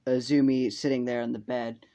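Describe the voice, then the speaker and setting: A man's voice: medium pitch, level tone, moderate pace, mellow. A young man casually improvising a fan story, rambling with fillers, laughs and swearing.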